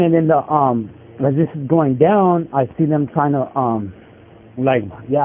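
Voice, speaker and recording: A man in prison telling a story in casual street slang, rambling with lots of fillers, over a phone call. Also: medium pitch. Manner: rambling, filler-heavy street slang, many likes and bros. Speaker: incarcerated interviewee telling a story. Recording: tinny prison phone line with faint hiss.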